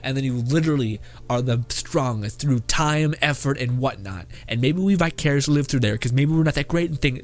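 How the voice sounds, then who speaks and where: A man hosting a casual reaction video who rambles, swears freely and keeps breaking into laughter. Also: medium pitch.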